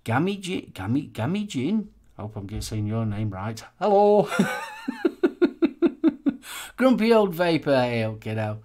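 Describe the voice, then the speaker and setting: Chatty man with a lively voice. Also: mid-range voice, measured pace, long pauses. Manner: chatty, rambling, with many fillers and repeated phrases. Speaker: host of a live vaping channel show. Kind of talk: casual live-stream chat.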